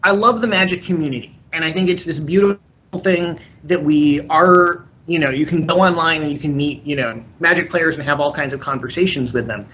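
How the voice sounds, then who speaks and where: A man's voice: fairly high pitch, fairly quick, bright, forceful tone, a little hiss or hum, rough recording. A man in an interview, speaking reflectively and poking fun at himself. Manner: reflective, self-mocking.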